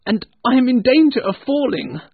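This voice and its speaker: A man voicing a fearful old miser, his voice pushed strained and high. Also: sing-song, slow, husky, no echo, exaggerated voice. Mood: nervous. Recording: tinny phone-like dry sound.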